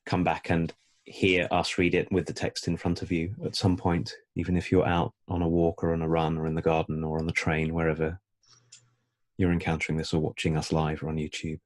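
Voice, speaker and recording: A man co-hosting a reflective talk, speaking in a measured, thoughtful, slightly hesitant way. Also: very deep voice, completely flat delivery. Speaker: podcast co-host. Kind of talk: casual conversation.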